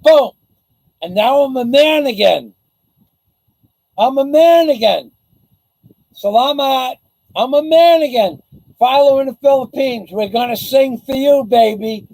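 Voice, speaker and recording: A man rambles sarcastically to his viewers, taunting a rival in a slow, drawn-out delivery. His voice sits unusually high for a man. The recording is dry and close, with no room around it. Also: darkish tone, no room sound, rough recording. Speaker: vlogger. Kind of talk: casual mocking chat to camera.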